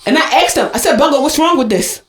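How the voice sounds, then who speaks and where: A young adult woman co-hosting a podcast, ranting loudly and profanely in an overdramatic comedic tirade. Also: high voice, animated, fast talker. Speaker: podcast co-host. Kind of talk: comedic rant. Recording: roomy echo.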